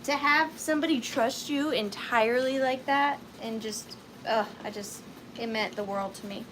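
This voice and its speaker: A chatty woman in her thirties with a light Southern US accent hosts a live vintage sale. Her voice is bright and a little high, and faint hiss sits behind her. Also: moderate pace, poor audio. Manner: chatty and upbeat, with high squeals. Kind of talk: casual live-stream selling chat.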